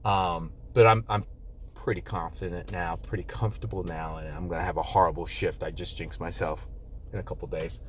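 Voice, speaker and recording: A man's voice: sits low, steady tone, fairly quick, slight background noise. A man in his fifties from New Jersey, a nurse vlogging in a blunt, profane, casual way and acting out the people he quotes. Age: 50s. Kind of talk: casual straight-talk monologue.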